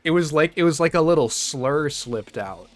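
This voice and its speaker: A man with a Midwestern American accent streams a reaction to a video, chatting casually, rambling, restarting sentences and laughing frequently. His voice is a little high with lively intonation, moving at a moderate pace, and faint music plays behind him.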